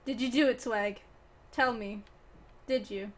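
Giggly high-voiced young woman streamer. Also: steady tone, measured pace. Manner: giggly, playful, talks to chat and teammates. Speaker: gaming streamer. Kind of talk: casual gameplay commentary.

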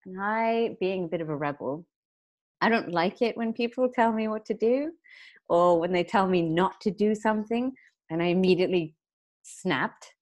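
A young adult woman co-hosting a casual podcast, telling stories in a chatty way with quick asides. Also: medium pitch. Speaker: podcast co-host.

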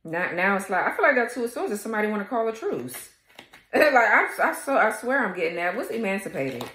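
A woman's voice: medium pitch, big pitch swings, quick pace, bright, forceful tone, echoey room. A woman doing a casual tarot reading for her viewers, blunt, sassy and full of swearing. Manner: talks straight to viewers, laughing at times. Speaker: tarot reader.

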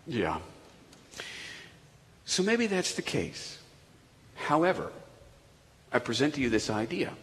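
A man preaching a sermon to a congregation, telling the story dramatically and swinging from loud emphasis down to near-whispers. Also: mid-range voice, very animated, slow pace, pauses often. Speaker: pastor. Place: large church sanctuary. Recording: reverberant church hall.

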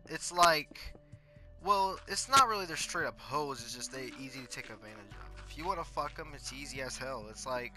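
Teen guy, crude rambling storyteller, bright voice, faint music underneath. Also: mid-range voice. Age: teens. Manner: rambling and crude, heavy on fillers and profanity.

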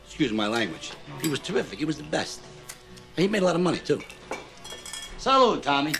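An actor playing a boisterous middle-aged gangster who talks loudly and teases with swagger, in a film scene. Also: male voice, a little high, big pitch swings, a little fast, creaky, heavily acted. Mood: mocking. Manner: loud, teasing, swaggering. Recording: film audio with music under it.

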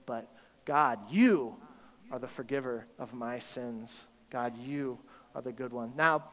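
A man preaching a sermon at a school chapel service, emphatic, with rhetorical questions and acted-out inner voices. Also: a little high. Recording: long hall reverb.

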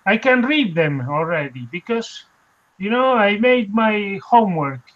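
A man's voice: sits high, lively intonation, a little slow, highs cut off. A man who often stops and repeats words, taking part as student and organizer in an online language lesson. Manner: hesitant, restarts and repeats words.

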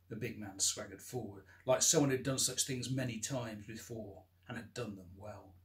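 A man reading aloud from his own novel in a measured, expressive narration with dramatic emphasis. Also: on the low side. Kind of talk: audiobook-style scripted narration.

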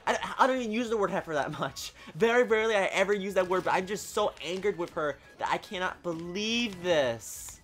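Excitable man yelling over gameplay. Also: high-pitched, brisk, hardly any pauses, soft background music. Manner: excitable, exasperated, bursts into shouts. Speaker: gaming video creator. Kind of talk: live gameplay commentary.

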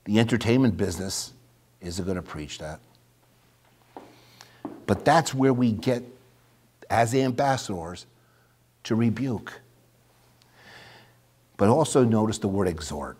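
A man preaching a sermon, reading scripture aloud and swinging between loud emphatic declaration and hushed, near-whispered asides. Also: fairly low pitch, expressive, slow, long pauses, husky.

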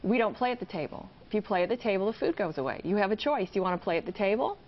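A woman's voice: mid-range voice, expressive, very fast. A woman guest and mother on a TV talk show, sharing how she handles her kids in a matter-of-fact way. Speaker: parent guest. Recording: slightly dull TV audio.

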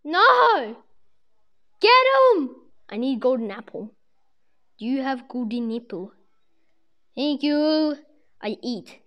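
A woman giving casual commentary over her own gameplay, excitable, yelping and trash-talking playfully. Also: fairly high pitch, slow, long pauses, highs cut off. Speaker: gamer commentating own play. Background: children's music playing.

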